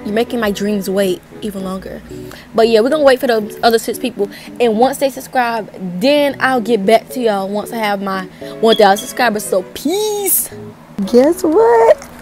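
A young woman vlogging to camera in a chatty, excitable way, gushing and rambling as she says "like" a lot. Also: on the high side, normal speed, faint music behind. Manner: excitable and gushing, leans heavily on "like"; chatty, rambling and self-correcting. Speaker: YouTuber. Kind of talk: casual vlog to camera.

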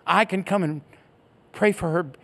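A man's voice: sits high, a little slow, gravelly, a bit bright. A middle-aged man pastor telling a story in a sermon, acting out the voices he quotes, then leading a prayer.

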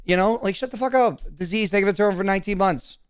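A man's voice: sits high, quick pace, clear, resonant tone, no room sound, studio quality. A young man streaming casually, talking to his chat in a brash, profane, defensive way.

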